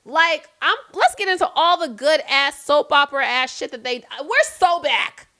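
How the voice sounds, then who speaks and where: A woman with a notably high-pitched voice talks through a casual recap. She is chatty and blunt, swears without hesitation and leans on filler words. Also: lively intonation, normal speed, a bit bright. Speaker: host recapping reality TV. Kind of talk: casual recap vlog chat.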